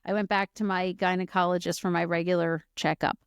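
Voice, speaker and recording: A woman's voice: fairly low pitch, little pitch movement, fairly quick, clean tone, dry recording. A middle-aged woman hosting a podcast, telling her personal story in a candid, chatty way full of fillers and asides. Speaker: podcast host.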